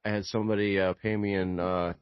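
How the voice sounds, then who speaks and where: Low-voiced male sales podcast host, animated storyteller; dry, slightly dull recording. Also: quick pace, clean tone, dry recording. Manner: animated storyteller, acts out quotes with big pitch jumps. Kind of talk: casual storytelling chat.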